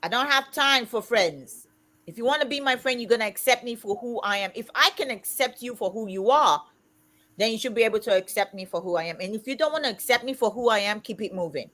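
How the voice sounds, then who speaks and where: A woman in her fifties hosting a casual livestream chat, talking loudly and emphatically. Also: a little high, lively intonation, fast. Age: 50s. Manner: loud, emphatic and outspoken. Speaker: livestream host.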